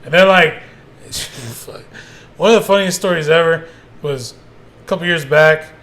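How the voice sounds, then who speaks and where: Gravelly man telling profane stories. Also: a little high, unhurried. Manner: profane, animated storytelling with acted quotes. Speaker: podcast co-host. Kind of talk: casual chat.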